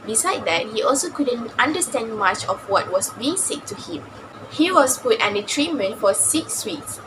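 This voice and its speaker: A woman with a slightly high voice reads a prepared class presentation evenly. Steady background noise runs clearly under the recording. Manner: even, scripted reading. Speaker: student presenter.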